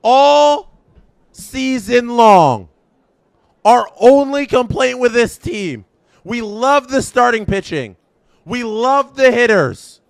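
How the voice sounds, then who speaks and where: High, gravelly man calling a game. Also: dry recording, studio quality. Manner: announcer-style play-by-play call; emotional, swinging between shouting and stunned murmurs. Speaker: fan streamer calling the game. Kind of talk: live fan reaction commentary.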